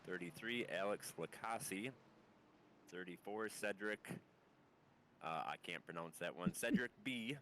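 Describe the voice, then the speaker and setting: Low, muffled race caller. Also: male voice, a little slow, sharp tone, a little hiss or hum. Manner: reads a long lineup, stumbling on names. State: under the weather, muffled voice. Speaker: race commentator. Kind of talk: live sim racing commentary.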